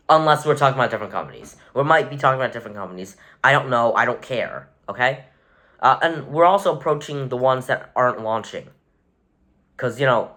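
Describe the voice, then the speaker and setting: A man talks through a ranking in an offhand, conversational way, tossing in dry sarcastic remarks and correcting himself mid-sentence. His pitch sits at an ordinary middle level for a man, with nothing unusual in the tone. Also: sharp tone. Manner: wry, offhand, sarcastic asides; rambling with self-corrections. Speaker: vlogger rating rockets. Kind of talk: casual tier-list commentary.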